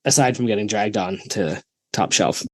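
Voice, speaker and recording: A man's voice: on the low side, moderate pace, a little mellow, no echo. A man co-hosting a podcast in casual chat, jokey and laughing often. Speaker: podcast co-host.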